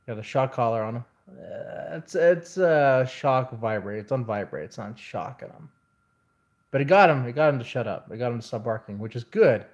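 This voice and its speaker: A man's voice: mid-range voice, a little mellow, muffled recording. A man venting in a casual vlog, telling a rambling story in an exasperated way. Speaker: vlogger.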